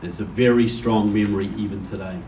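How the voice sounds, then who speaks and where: A man's voice: lowish voice, fairly even intonation, a little fast, dark tone. A man from New Zealand with a New Zealand accent, giving a folksy, joking speech as guest speaker to a live audience in a meeting room. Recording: roomy, distant, faint background noise.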